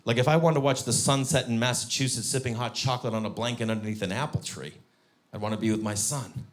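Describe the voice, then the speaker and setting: A man in his thirties doing a stand-up comedy set on stage, telling animated stories and breaking into high squeaky voices for his kids. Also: fast talker. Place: comedy stage before a live audience.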